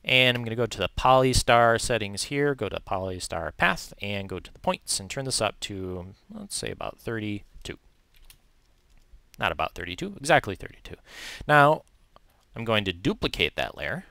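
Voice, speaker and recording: A man with a low voice and a crisp, forward tone talks through a screen-recorded software tutorial. He is relaxed and chatty, fixing slips as he goes and dropping light asides. The sound is dry and close, with no room around it. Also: normal speed, no echo.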